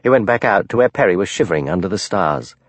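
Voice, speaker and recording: A man narrating a mystery audiobook in a measured, expressive storytelling manner. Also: low voice, dry recording.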